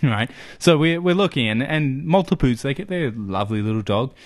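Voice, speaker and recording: Fairly quick and animated, this medium-pitched Australian comedy podcast host spins a meandering tale loaded with filler words and rhetorical questions, keeping the chat loose and funny.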